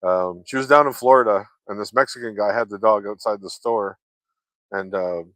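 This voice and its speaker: A man with a fairly low voice talks loosely to his viewers, drifting from one story to the next and swearing often. The sound is dry and close, with no room around it. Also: moderate pace, fairly bright tone, no echo. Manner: loose, chatty, swears freely, laughs often. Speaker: vlogger chatting with viewers. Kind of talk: casual rambling chat.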